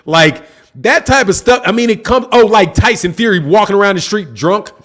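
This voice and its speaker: A man's voice: sits high, animated, normal speed, a bit bright. A man hosting a boxing channel, chatting casually to his live chat in slang, repeating himself for emphasis. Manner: slangy, repetitive, talks to chat. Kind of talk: casual livestream commentary.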